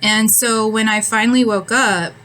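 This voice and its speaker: A woman's voice: a little high, fairly even intonation, moderate pace, a bit bright, poor audio. A woman in her thirties, chatting casually to camera, rambling with ums and frequent laughs, a bit winded and yawning. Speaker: vlogger.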